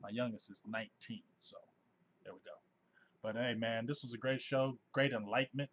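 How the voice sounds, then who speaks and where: A man in his forties hosting a casual sports fan livestream, talking in an animated, effusive way and reading out viewers' names. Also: medium pitch, normal speed, a little hiss or hum. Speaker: host of a sports fan live show.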